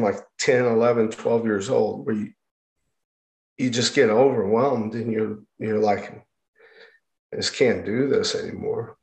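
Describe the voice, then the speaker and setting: Man telling his life story, halting. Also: mid-range voice, a little mellow. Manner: halting, with many restarts and fillers. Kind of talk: personal testimony. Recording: roomy echo.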